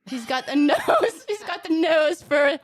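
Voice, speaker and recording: A woman's voice: high-pitched, sing-song, measured pace, dry recording. A woman hosting a casual comedy podcast, teasing her co-hosts in a mock-grandiose, swearing manner. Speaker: podcast host.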